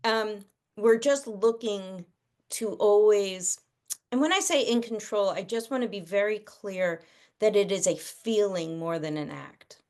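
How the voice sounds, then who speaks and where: A middle-aged woman talks through parenting ideas over a video call. She speaks casually and with plenty of life, and she often drops into quick impressions of children and parents as she explains. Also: mid-range voice. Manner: animated, acts out kids' and parents' voices. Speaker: guest parenting expert.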